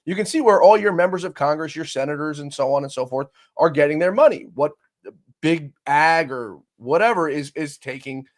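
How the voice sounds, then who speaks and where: A man's voice: on the high side, normal speed. A man hosting a political show, giving opinionated commentary and talking straight to his viewers. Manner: animated, swings loud and soft, addresses viewers directly. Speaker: show host.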